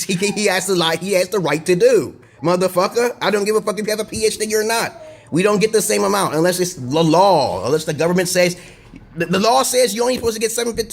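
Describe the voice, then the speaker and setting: A man's voice: high voice, vocal fry. A man ranting to his own camera in a casual vlog, profane and rambling, repeating himself and tossing in "okay?" again and again. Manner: profane, rambling, digressive monologue. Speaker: video blogger.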